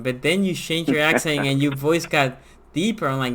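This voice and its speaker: A man's voice: a little high, normal speed, pushed and bright. A man hosting a live sports call-in show, chatting casually and animatedly with callers.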